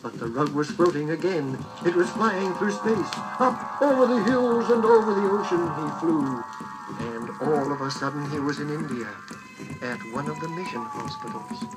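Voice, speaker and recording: A man's voice: on the high side, expressive, normal speed, over music, low-quality recording. A man telling a children's story with dramatic, varied pacing.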